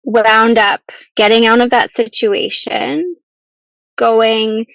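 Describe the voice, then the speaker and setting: A woman telling a painful personal story as a podcast guest, earnest and halting, at times close to tears. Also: on the high side, steady tone, creaky, a bit bright, no echo, poor audio. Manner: earnest, halting, with restarts and ums.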